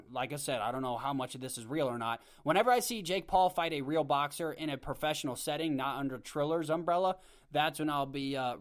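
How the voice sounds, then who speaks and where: A man hosting his own podcast, giving a casual, opinionated rant on a home microphone. He rambles, restarts often, and talks with blunt conviction. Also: on the high side. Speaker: podcast host. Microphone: home podcast mic.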